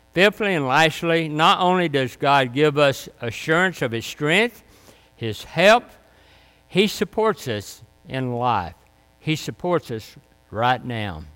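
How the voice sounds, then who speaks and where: A man preaching a sermon and closing with a prayer, speaking slowly and emphatically and repeating key phrases. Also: medium pitch, fairly bright tone, clear, resonant tone. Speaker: pastor. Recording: long hall reverb.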